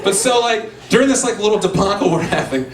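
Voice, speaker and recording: A stand-up comedian from Louisiana, telling crude, animated stories on a bar stage before a live audience. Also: male voice, high-pitched, fast talker, slight background noise. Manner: animated, crude, filler-heavy delivery. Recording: echoey room, far mic, audience.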